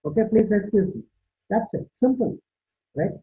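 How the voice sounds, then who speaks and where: A man's voice: high-pitched, animated, moderate pace, warm tone. A man giving an online sermon talk on a video call, emphatic and constantly asking "right?" and "okay?" to his listeners. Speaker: Christian speaker. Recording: tinny video-call audio, faint hiss.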